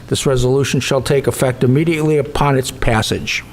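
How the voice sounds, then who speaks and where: A man serving as a town councilor, reading motions and resolutions in a measured, formal way. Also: medium pitch, steady tone, a little hiss or hum.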